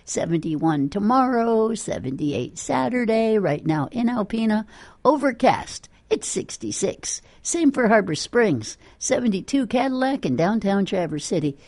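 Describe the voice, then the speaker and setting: A woman's voice: medium pitch, very animated, measured pace, a little mellow, dry recording. A woman working as a rock radio DJ, chatting through weather and ads with lots of fillers. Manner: chatty, rambling, with many fillers. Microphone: studio microphone.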